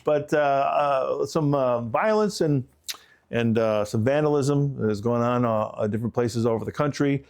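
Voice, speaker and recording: A man's voice: medium pitch, a little slow, darkish tone. A man co-hosting a podcast, talking through current events in a rambling, chatty way with frequent restarts and tangents. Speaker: podcast co-host. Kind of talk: casual podcast commentary.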